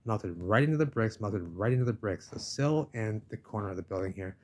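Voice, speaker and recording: A man's voice: fairly low pitch, expressive, a little fast, a little mellow. Ranting man filming a village walk. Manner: ranting, insistent, talks at the camera with repeated "baby". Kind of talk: casual walking-tour vlog monologue. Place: outdoors in a village street.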